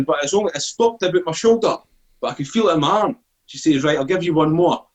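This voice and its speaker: A man's voice: on the high side, fast talker, highs cut off. Scottish guy on a podcast, sweary, acts out all the voices in his story. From Scotland. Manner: swearing, animated, acts out quoted dialogue. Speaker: podcast guest. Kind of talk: casual storytelling interview.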